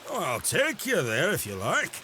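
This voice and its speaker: An actor playing a drunken, leering local man who rambles in a slurred, slow voice. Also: on the high side, huge pitch swings, bright, forceful tone, a little hiss or hum, exaggerated voice. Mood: tipsy. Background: game music and rain.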